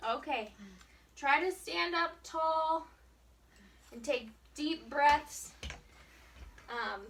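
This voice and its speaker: A woman's voice: high-pitched, very slow, a bit bright. A woman physical therapist patiently coaching a patient through breathing and walking exercises, counting out each breath. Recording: echoey room, far from mic, faint hiss.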